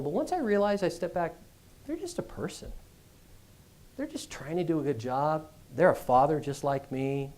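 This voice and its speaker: A middle-aged man giving a business school address, telling stories in a conversational, animated way. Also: fairly high pitch. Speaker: guest speaker.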